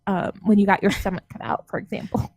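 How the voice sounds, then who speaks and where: A woman's voice: medium pitch, steady tone, fast talker, darkish tone, dry recording. Joking young woman co-host, dry sound. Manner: joking and self-mocking, swears freely. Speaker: podcast host. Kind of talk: casual podcast chat.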